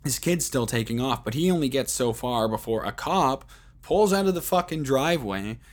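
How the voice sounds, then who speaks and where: A man's voice: mid-range voice, lively intonation, moderate pace. Profane rambling man telling stories. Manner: rambling, heavy swearing, many fillers. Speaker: podcast host. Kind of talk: casual storytelling monologue.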